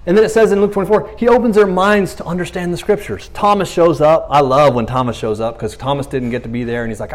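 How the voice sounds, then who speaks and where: Preaching in a relaxed, chatty style, this male pastor speaks briskly with few pauses in a slightly high voice. His storytelling is lively, with quoted lines performed in playful voices and fillers such as "you know what I mean."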